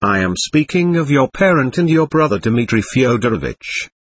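A man reading the part of a sly, servile manservant who talks deliberately and with affected politeness. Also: mid-range voice, big pitch swings.

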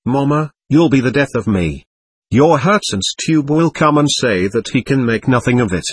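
A man's voice: medium pitch, expressive, moderate pace, husky, no echo. Imperious young girl, bossy, urgent, man reading, dry close sound. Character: impetuous, imperious teenage girl.

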